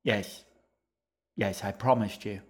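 A man's voice: on the low side, steady tone, takes it slowly. A man voicing a sullen, secretive young boy in an audiobook reading, answering tersely.

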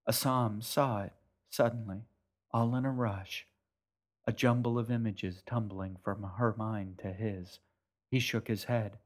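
A man narrating a story in a calm, measured way. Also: on the low side. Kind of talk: scripted narration.

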